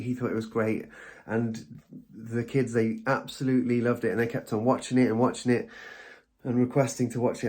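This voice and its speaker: A man talking straight to his listeners in a loose, rambling monologue. He sits at a desk indoors at an everyday middle pitch, and he breaks off now and then to laugh at himself. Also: a little mellow. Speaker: podcast host. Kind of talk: casual solo monologue.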